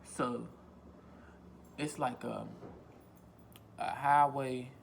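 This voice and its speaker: In a casual phone vlog, a man rambles through a story, repeats himself and cusses without restraint. He speaks extremely slowly in a gravelly, medium-pitched voice with fairly even intonation, over slight background noise.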